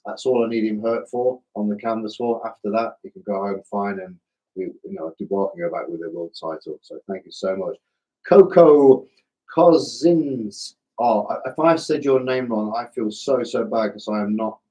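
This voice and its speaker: A middle-aged man with a slightly hoarse voice, hosting a live stream in a casual, self-deprecating way and chatting with viewers like old mates. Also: on the low side, moderate pace, dark tone, rough recording. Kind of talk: casual live chat reading viewer comments.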